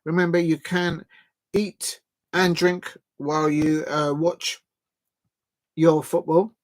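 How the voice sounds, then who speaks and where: A man runs a live football watch-along stream. His talk is chatty and excitable, with quick play-by-play calls mixed with friendly asides to his viewers. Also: on the high side.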